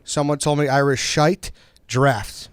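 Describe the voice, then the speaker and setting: A man's voice: medium pitch, steady tone, a little slow, smooth, dry recording. A man hosting a casual podcast, upbeat and running the show, bringing in guests and reading out the rules. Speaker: podcast host. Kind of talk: casual chat and ad read.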